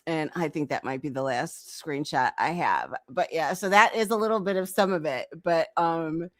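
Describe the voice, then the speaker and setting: A woman's voice: low voice, normal speed, no room sound, clean studio sound. A woman hosting a commentary stream, reading chat screenshots aloud in an amused, casual way. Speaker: commentary channel host.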